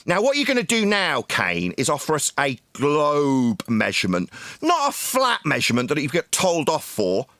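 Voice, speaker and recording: A man yelling and hurling insults at someone in a heated online voice-chat debate. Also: on the high side, huge pitch swings, moderate pace, dry recording. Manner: shouting, insulting, domineering. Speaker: debate stream host.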